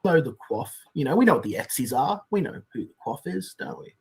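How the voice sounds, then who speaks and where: A man's voice: mid-range voice, very animated, brisk, breathy edge. A man talking casually on a stream, rambling and hesitant with many fillers.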